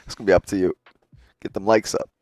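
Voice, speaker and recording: A man with a lowish voice and a somewhat dark tone hosts a laid-back trading livestream. He talks directly to his chat, joking around loosely and swearing a lot.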